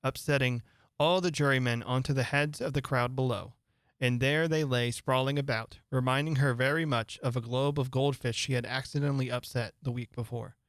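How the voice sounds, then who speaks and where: A man narrating a classic storybook in a steady, even reading voice as the podcast host. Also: medium pitch, moderate pace, no room sound, studio quality. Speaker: host and reader.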